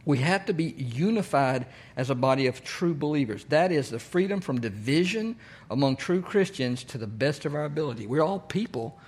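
A pastor delivering a teaching sermon, his voice sitting a touch higher than most men's. He talks to the congregation directly, checking in with them and throwing out questions as he goes. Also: lively intonation, normal speed. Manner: conversational, asks the congregation questions.

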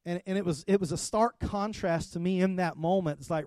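A middle-aged man, a pastor, preaching a conversational sermon that restarts words often and swings between soft and loud. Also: high-pitched, a little fast, no room sound. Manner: conversational preaching with repeated starts and swings in loudness.

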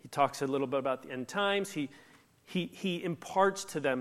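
A man's voice: on the high side, normal speed. A man preaching a sermon in a conversational, emphatic way, acting out the lines he quotes. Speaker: pastor. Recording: echoey hall reverb.

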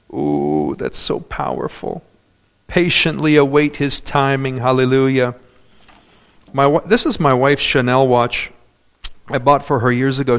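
A man preaching a sermon in a somewhat high voice. He is emphatic, booming out his praise, then dropping to quiet, confiding asides as he tells his stories. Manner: emphatic, swings between loud declarations and hushed asides.

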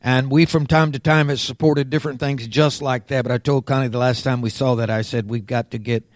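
A man preaching a sermon as pastor, unhurried and swelling louder and higher on key words. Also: fairly even intonation, no echo.

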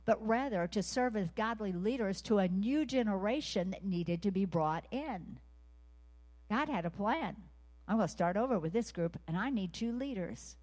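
A woman preaching a sermon to a women's gathering, asking the audience earnest questions and leading them in call and response, sometimes dropping to a hushed whisper. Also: mid-range voice, expressive, moderate pace.

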